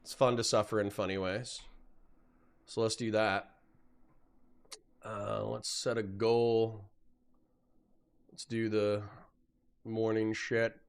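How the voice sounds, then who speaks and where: A man in his thirties talking casually on a livestream, rambling and chatty, yawning now and then as he warms up. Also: lowish voice, flat delivery, takes it slowly, gravelly, pauses often, smooth. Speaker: streamer.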